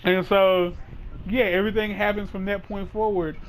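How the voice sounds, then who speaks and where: A man hosting a casual podcast chat, telling a long story in a rambling, animated way, full of "like" and restarts. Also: high-pitched, normal speed, a little hiss or hum, poor audio. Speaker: host.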